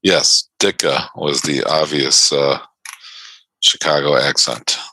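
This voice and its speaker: A man's voice: a bass voice, steady tone, slow, pushed and bright, no echo, rough recording. A man from New York hosting a live trading stream, joking with viewers and laughing often between remarks on the markets. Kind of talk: casual livestream chat about trading.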